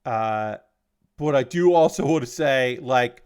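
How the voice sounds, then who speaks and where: A man's voice: medium pitch, animated, measured pace, a little mellow, clean tone. A man casually recapping an anime episode on a livestream, loose and profane, with lots of fillers and restarts. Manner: gets heated and indignant when he talks about unfair characters.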